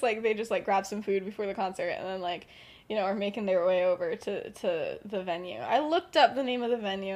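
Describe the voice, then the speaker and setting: A young woman hosting a podcast, rambling through a story in casual chat, giggling and saying "like" a lot. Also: mid-range voice. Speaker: podcast host.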